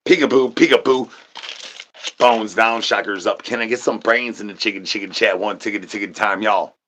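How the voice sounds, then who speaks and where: Guy streaming, goofy nonsense rhymes at his chat, bright tense voice. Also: on the low side, fairly even intonation, normal speed, slight background noise. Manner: repeats rhyming filler syllables, sing-song catchphrases. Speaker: livestreamer talking to chat. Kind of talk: rambling nonsense livestream patter.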